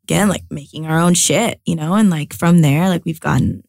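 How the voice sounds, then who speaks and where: Low-voiced with a gravelly edge, this young American actress-comedian talks a little fast, recorded with no echo. She's a chatty, animated guest in a relaxed interview, full of fillers and restarts.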